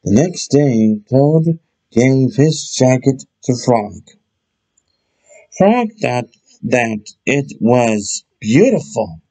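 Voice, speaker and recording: A man reading a children's bedtime story aloud in an expressive, deliberate way. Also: medium pitch, low-quality recording.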